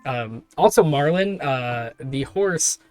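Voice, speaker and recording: A man's voice: medium pitch, lively intonation, slow pace, darkish tone, faint music behind. A man narrating as game master of a tabletop game, describing scenes in a rambling way full of fillers.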